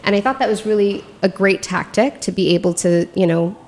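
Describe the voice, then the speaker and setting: A woman, a makeup artist and podcast guest, telling a story in a lively, casual way. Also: mid-range voice, brisk. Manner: animated, acts out quoted dialogue.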